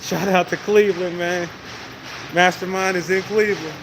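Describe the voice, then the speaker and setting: A man's voice: high-pitched, steady tone, normal speed. A man hosting a casual livestream, rambling in an easygoing way and talking to viewers as he walks through a large indoor venue on a phone mic. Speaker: livestream host. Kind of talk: casual walking livestream chat. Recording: noisy venue background.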